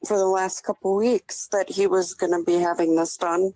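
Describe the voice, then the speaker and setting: A woman co-hosting commentary, explaining things in a measured way. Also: fairly low pitch, steady tone, mellow, dry recording, rough recording. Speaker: commentary co-host. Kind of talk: casual commentary chat.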